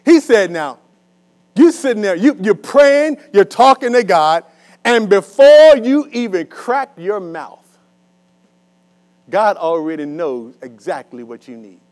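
A male pastor preaching a sermon to a congregation, animated and call-and-response, swinging between loud and soft. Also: high voice, takes it slowly. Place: church hall with a congregation.

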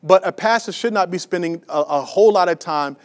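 A man with a notably high voice preaches to his congregation as their pastor. He is emphatic and repetitive, full of restarts and fillers, and keeps asking the church rhetorical questions. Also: a little fast. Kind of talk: sermon.

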